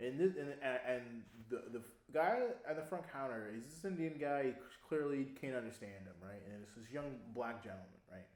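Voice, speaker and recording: A young man casually telling a long story on a podcast, animated, laughing often and swearing freely. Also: mid-range voice, a little fast, few pauses. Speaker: podcast co-host. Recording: echoey room.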